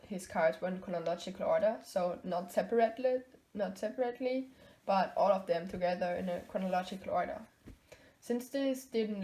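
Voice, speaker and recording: A woman's voice: medium pitch, a little mellow. A young woman vlogger chatting casually about her collection, rambling and hesitant with many ums and self-corrections. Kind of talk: casual chat.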